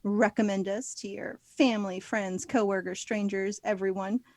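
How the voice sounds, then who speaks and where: A woman's voice: medium pitch, fairly even intonation, normal speed, darkish tone, no echo. A woman from Florida co-hosting a casual podcast, chatty and upbeat, with frequent laughter. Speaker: podcast co-host. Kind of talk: casual chat.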